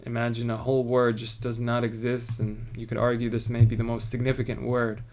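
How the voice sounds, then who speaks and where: Male Torah teacher, mid-pitched, casual, reads verses aloud and then explains them, with keyboard typing faint in the background. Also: monotone, a little fast, darkish tone. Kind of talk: informal text study lesson.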